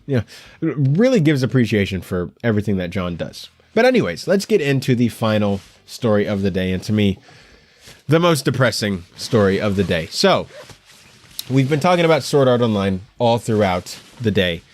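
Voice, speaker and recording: A young man hosting an anime news show, talking in a rambling, animated way with frequent stammers and restarts. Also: fairly low pitch, normal speed, dry recording. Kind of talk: casual solo commentary. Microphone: headphones while recording at home.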